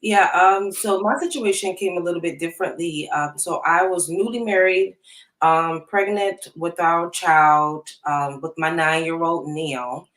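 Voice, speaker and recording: A woman's voice: lowish voice, fairly even intonation, a little slow, a bit bright. A woman in her thirties, a business owner and guest, telling her personal testimony in a casual way with many fillers. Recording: echoey room.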